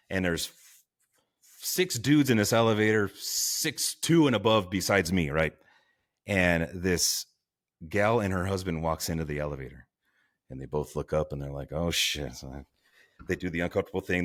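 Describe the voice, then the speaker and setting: A man with a very low, deep voice tells a story as a podcast guest. He talks casually and with animation, laughing along and acting out the voices of the people in his story. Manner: animated, laughing, acts out quotes. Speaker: guest, firefighter.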